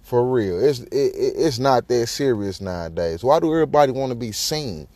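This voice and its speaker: A man's voice: mid-range voice, expressive, normal speed, a little mellow, no echo. A young man hosting a podcast, ranting bluntly and incredulously in heavy slang with lots of profanity. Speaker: podcast host. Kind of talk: profane casual commentary.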